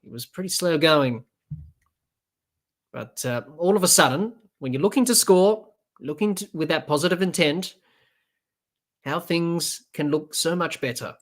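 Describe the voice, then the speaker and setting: Calling a cricket match live for his podcast, this host speaks in a slightly high voice at a measured pace, leaving long pauses. The commentary is unscripted, with fillers and false starts.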